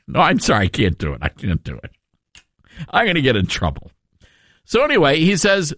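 A man's voice: medium pitch, wildly swooping pitch, a little fast, a bit bright, dry recording, clean studio sound. A male radio host giving a sarcastic, emphatic talk radio monologue, with frequent asides to his listeners.

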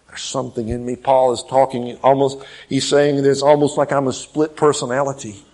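A male pastor preaching a sermon, swinging between loud emphatic peaks and quiet low asides, acting out quoted dialogue. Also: level tone, moderate pace, few pauses. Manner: acts out quoted dialogue in changed voices.

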